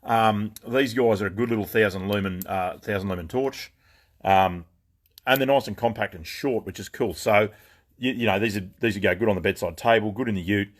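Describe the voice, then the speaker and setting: A man's voice: lowish voice, fairly quick. An Australian man hosting a casual live stream from his gun shop, rambling and greeting viewers by name, tired after a long day. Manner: laid-back, rambling, greets viewers by name with lots of fillers. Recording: noisy background.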